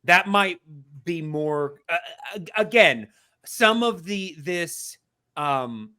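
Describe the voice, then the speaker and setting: Slow-talking bright-voiced man. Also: sits high, animated. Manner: slow, explanatory, many fillers and restarts. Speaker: podcast co-host. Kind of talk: casual podcast chat, mock mini-lesson.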